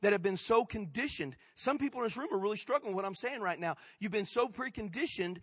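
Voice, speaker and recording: Bright, high-voiced man preaching. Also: expressive, quick pace, slightly rough, no room sound, studio quality. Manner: impassioned preaching, swinging from loud peaks to hushed prayer; informal, folksy phrasing. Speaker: pastor. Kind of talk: sermon.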